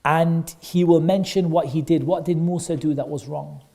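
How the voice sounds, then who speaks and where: Male teacher for a kids' class: high-pitched, soft mellow tone, animated storyteller who repeats himself and questions the children. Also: normal speed, vocal fry.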